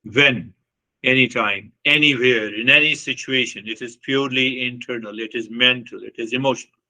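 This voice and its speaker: A man with a bright, forceful voice gives an earnest spiritual talk. He repeats himself for emphasis and puts pointed questions to his listeners. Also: medium pitch, normal speed, rough recording. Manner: earnest, repetitive, with short laughs and acted quotes. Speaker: spiritual teacher.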